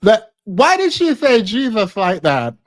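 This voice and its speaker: A woman's voice: medium pitch, very animated, a little slow, no echo. A woman streaming her reaction to a clip, laughing often and mocking what she hears in casual commentary.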